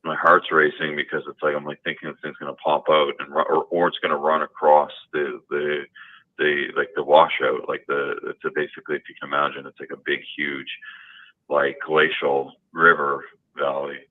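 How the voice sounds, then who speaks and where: A man with an extremely low, booming voice calls in to a talk show and tells his story. He rambles, with plenty of fillers and restarts. His voice comes through a thin, tinny phone line. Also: little pitch movement, normal speed. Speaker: caller. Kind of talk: telling a personal story on a call-in show.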